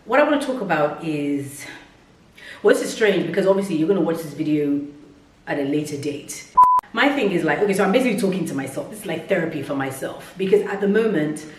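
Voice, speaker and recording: A woman's voice: on the low side, far from the mic. A woman chatting to camera as a vlogger, rambling and thinking aloud, tired and breathing heavily. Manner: rambling, self-reflective, chatty. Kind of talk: casual chat to camera. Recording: roomy echo, mic set back.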